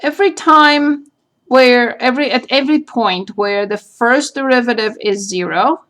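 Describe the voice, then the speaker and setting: A woman math teacher giving a recorded calculus lecture, slowly spelling out each point and step as she works through a graph. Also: fairly high pitch, fairly bright tone.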